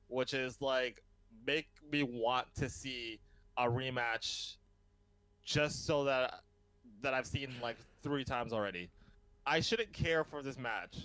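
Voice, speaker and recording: A man hosts a relaxed podcast chat, eager and laughing easily between thoughts. His voice is smooth and clean, mid-pitched, recorded dry and close. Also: no echo, low-quality recording. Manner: enthusiastic, laughs often, many ums. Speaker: podcast host. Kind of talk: casual chat.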